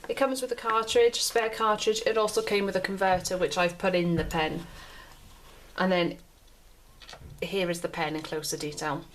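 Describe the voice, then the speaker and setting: A woman's voice: fairly low pitch, fairly even intonation, moderate pace, slight background noise. A British woman hosting a pen review show, chatting casually and often repeating herself as she describes the pen. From United Kingdom. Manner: chatty, repeats and restarts phrases while describing.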